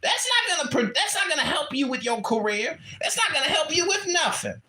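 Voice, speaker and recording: A man putting on the voice of a loud, scornful male American patriot who rants and shouts in a wailing tone. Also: very high voice, big pitch swings, fairly quick, roomy sound, a little hiss or hum, pitched above the performer's own voice, heavily acted. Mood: scolding. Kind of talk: mocking character voice in an audio chat room.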